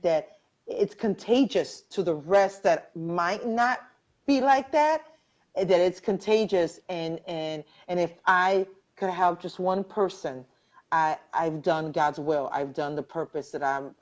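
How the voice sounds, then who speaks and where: A woman's voice: on the low side, a little slow, muffled recording. A woman hosting a live online interview, speaking from the heart about faith and hope, close to tears and full of restarts. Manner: heartfelt, religious, rambling with many restarts. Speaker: host. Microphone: video call.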